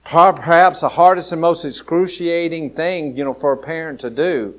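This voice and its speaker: A man's voice: on the high side, normal speed. A man from Alabama with a Southern American accent, preaching a sermon. He talks conversationally and repeats his key phrases for emphasis. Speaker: pastor.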